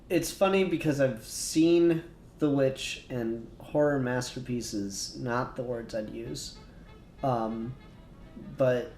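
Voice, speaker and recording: A man's voice: mid-range voice, a little mellow, reverberant. A man hosting a podcast in casual chat, laughing often and swearing casually. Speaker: podcast host.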